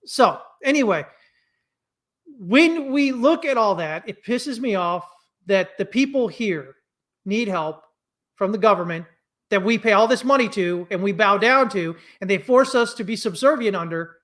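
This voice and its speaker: High-voiced American man ranting bluntly. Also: lively intonation, fairly bright tone. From United States. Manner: blunt, ranting, quick to anger; conversational, many fillers and restarts. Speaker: trading commentator. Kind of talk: casual market commentary.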